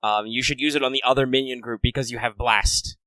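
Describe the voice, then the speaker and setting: Male game master, bright voice, halting rules explanations full of ums, dry close mic. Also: medium pitch, steady tone, no echo, rough recording. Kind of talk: running a tabletop game.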